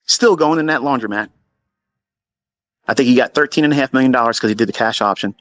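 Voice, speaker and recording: A man's voice: medium pitch, fast talker, fairly bright tone. A middle-aged man telling a casual story to his audience in a blunt, profane, mocking way. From Maryland, USA. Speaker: trading educator.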